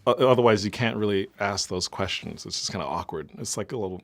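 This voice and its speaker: A man's voice: on the low side, quick pace. A man, an actor, chatting in a press interview, laughing often and filling his talk with "like". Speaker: actor in the film.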